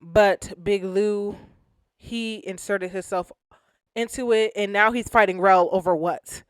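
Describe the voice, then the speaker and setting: A woman hosting a casual reality TV recap, talking in an animated, slangy way and acting out what people said. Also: mid-range voice, a little slow, clear, resonant tone, no echo, clean studio sound. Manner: animated, slangy, acts out quotes.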